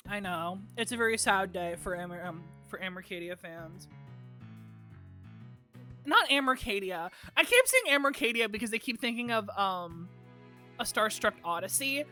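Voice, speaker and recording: Chatty woman streamer with a bright voice. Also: medium pitch, animated, normal speed, faint music behind. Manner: chatty, swearing, joking asides. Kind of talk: casual game commentary.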